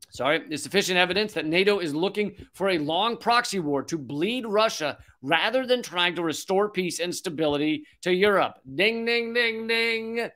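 Man, 40s, high-pitched, sarcastic, profane, political commentary host, reads an article then rants. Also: pushed and bright. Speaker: comedian hosting a political commentary show. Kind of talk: ranting political commentary reading an article aloud.

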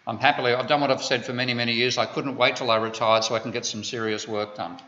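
A man's voice: mid-range voice, flat delivery, quick pace, pushed and bright. An Australian man giving an economics lecture, digressive and full of wry asides. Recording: dull lo-fi lecture recording.

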